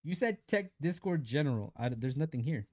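A man's voice: fairly high pitch, animated, brisk, darkish tone, dry recording. Laid-back young man streaming games, dry sound. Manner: laid-back slang, reads chat aloud and greets viewers. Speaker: mobile game live streamer. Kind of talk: casual live-stream chat while gaming.

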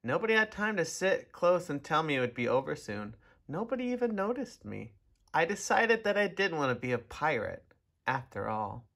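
Man reading a kids' book out loud, lively up and down pitch, bright tone. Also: moderate pace, vocal fry. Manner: animated, expressive. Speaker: storybook reader. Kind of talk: children's story read-aloud.

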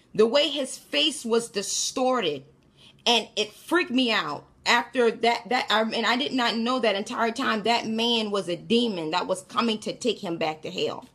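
A woman's voice: on the high side, unhurried, fairly bright tone, husky. A woman casually telling listeners about a frightening dream, chatting directly to them. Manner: chatty, addresses listeners as y'all. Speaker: storyteller recounting a dream. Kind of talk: casual spoken testimony.

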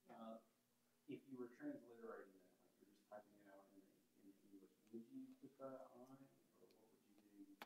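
A man in the class asking a question quietly and hesitantly. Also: on the low side, fairly quick, long pauses. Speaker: student. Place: church classroom. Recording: distant, off-mic in the room.

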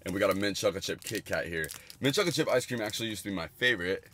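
A young man in his twenties casually reviewing candy on a livestream, rambling and crude with jokey bursts of excitement. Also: fairly low pitch, rapid-fire, slight background noise.

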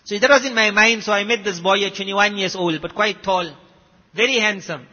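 South African male preacher, emphatic storyteller; sharp tone in a reverberant, dull-sounding hall. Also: sits high, fairly quick. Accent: South African Indian English. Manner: emphatic, rising and dropping loudness. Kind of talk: sermon storytelling. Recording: muffled recording with long hall echo.

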